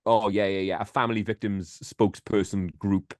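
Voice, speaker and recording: A man's voice: lowish voice, steady tone, moderate pace, darkish tone, no room sound, clean studio sound. A man co-hosting a casual podcast, rambling with many fillers and the odd swear word. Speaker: podcast co-host.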